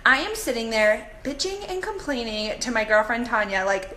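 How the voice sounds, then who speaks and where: A woman in her thirties chatting on a live video to her viewers, animated as she tells stories and answers comments. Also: on the high side, moderate pace, few pauses. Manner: bubbly, animated storytelling, reads comments aloud. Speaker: coach hosting a live video. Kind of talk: live-stream chat to viewers. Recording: echoey room with faint background noise.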